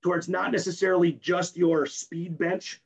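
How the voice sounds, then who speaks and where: A strength coach, a man, explaining his training program in rapid, technical detail in a podcast interview while hoarse from losing his voice. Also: sits high, little pitch movement, low-quality recording. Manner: rapid and technical, keeps tagging "right?".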